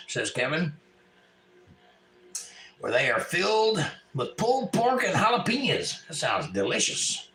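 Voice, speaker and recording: A man hosting a home live stream, singing and chatting with viewers in a casual, self-deprecating way. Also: on the high side. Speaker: live stream host and musician. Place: a house. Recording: roomy echo with loud guitar. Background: loud acoustic guitar.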